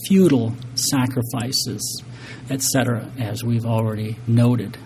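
Earnest preaching man, mellow voice. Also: mid-range voice, fairly even intonation, unhurried, creaky, a little hiss or hum. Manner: earnest, emphatic preaching with restarts. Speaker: pastor. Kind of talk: sermon.

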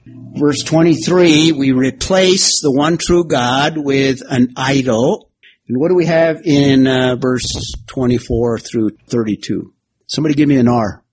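A man's voice: medium pitch, a little slow, darkish tone, faint music behind. A man preaching and teaching through a Bible passage verse by verse, building an alliterative outline on a board and bantering with his listeners. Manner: expository, uses a whiteboard and alliteration, jokes with the class. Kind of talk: sermon-style Bible teaching.

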